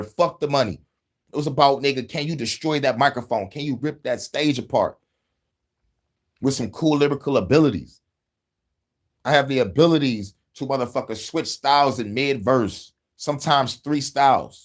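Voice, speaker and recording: A man hosts a loose, casual podcast chat, his voice sitting at an ordinary middle pitch. He swears freely, brags a little, and laughs often as he talks. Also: a bit bright. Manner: profane, boastful, laughs often. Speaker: host.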